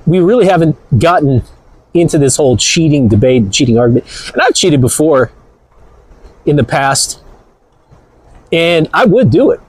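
A man's voice: fairly high pitch, a little mellow, slightly rough, no echo, low-quality recording. A man hosting a live-stream commentary, talking in a provocative, rambling way with crude jokes. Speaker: channel host.

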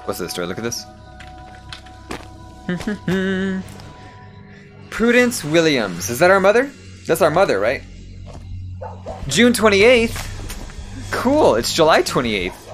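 A man's voice: a little high, huge pitch swings, unhurried, pauses often, fairly bright tone, soft background music. A young man giving profane, sarcastic let's-play commentary while gaming. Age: young adult. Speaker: gamer.

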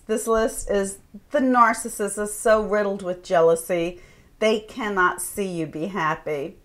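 Woman life coach, slow steady delivery, earnest advice talk. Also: a little high. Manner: earnest, acts out quoted remarks. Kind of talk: advice monologue to camera.

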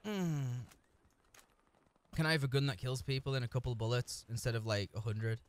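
Speaking fairly quickly at a medium pitch, a man commentates his shooter gameplay on stream. He swears constantly, mocks other players, and jokes in between frustrated outbursts, using a desk mic with a camera and no headphones.

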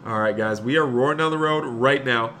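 Bright-voiced man streaming a game. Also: mid-range voice, brisk, a little hiss or hum. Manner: chatty, talks to chat while playing a bank clerk. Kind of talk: live game role-play commentary.

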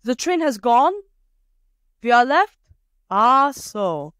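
A woman voicing a peasant woman who is calm and shrewd and speaks in a matter-of-fact way while she haggles. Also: fairly high pitch, slow, no echo, studio quality, voice pushed up, exaggerated voice.

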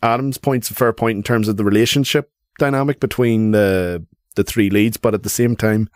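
A man's voice: on the low side, steady tone, moderate pace, no room sound. A man with a Northern Irish accent, giving blunt, dry opinions in a casual film chat.

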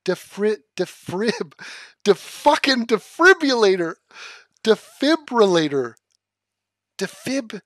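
A man's voice: sits high, very animated, a little slow, a bit bright, no room sound. Profane ranting man, dry close sound. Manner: profane, ranting, keeps stumbling over a word and laughing at himself. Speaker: streamer. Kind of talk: casual livestream commentary.

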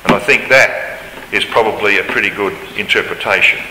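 A man's voice: on the low side, brisk, noisy background. A man giving an emphatic Bible study lecture, his voice rising when he reads scripture aloud. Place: large lecture hall. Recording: roomy hall reverb, faint ambience.

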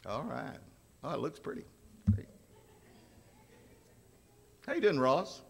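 Folksy preacher in a reverberant church. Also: male voice, on the high side, big pitch swings, slow, vocal fry, slight background noise. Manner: folksy storytelling, asks the congregation questions. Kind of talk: sermon. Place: church sanctuary. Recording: long church hall reverb.

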